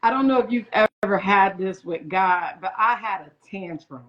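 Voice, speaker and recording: A woman's voice: mid-range voice, normal speed. A woman in her forties, a guest chef, telling a story in a casual interview and acting out other people's lines in quoted voices. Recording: muffled lo-fi audio.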